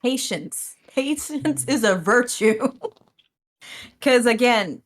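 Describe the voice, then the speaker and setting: A woman guest on a podcast, telling stories about streaming in a casual, animated way, acting out her own reactions and laughing often. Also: on the high side, very slow. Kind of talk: casual interview chat.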